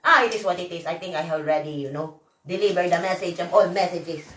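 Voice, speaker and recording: A hoarse woman vlogger, ranting in a profane, rambling, emphatic way. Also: lowish voice, fast talker, a bit bright, recorded from a distance. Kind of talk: emotional rant to camera. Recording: echoey room, voice off-mic.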